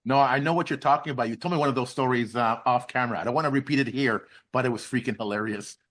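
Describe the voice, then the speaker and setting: A man's voice: mid-range voice, fast talker, fairly bright tone. A man co-hosting a podcast, asking earnest, rambling questions over a video call. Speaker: podcast co-host. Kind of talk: interview questions.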